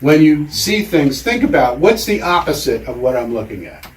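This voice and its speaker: A man giving a storytelling lecture in a measured way with deliberate pauses, in a lecture room. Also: fairly high pitch, sing-song. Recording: roomy hall, mic far off.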